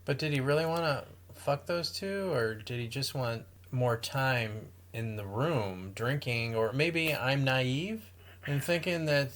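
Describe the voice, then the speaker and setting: Calm man co-hosting an advice podcast. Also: medium pitch, takes it slowly. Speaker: podcast co-host. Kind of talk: casual advice podcast chat.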